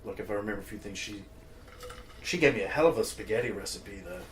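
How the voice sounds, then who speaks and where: A man appearing as a podcast guest, telling stories in a relaxed way and laughing often. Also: fairly low pitch, quick pace, slight background noise. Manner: easygoing storyteller, laughs often. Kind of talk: casual chat.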